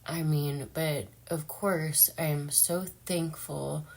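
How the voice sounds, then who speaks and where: A woman's voice: low voice, steady tone, takes it slowly, vocal fry, a little mellow. A young woman talking casually and emotionally in a personal vlog, chatty and full of fillers. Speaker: vlogger.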